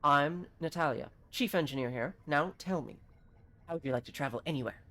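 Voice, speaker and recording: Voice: medium pitch, brisk, fairly bright tone, close to an everyday voice. A streamer reading aloud the lines of a brusque, short-tempered female chief engineer from a video game.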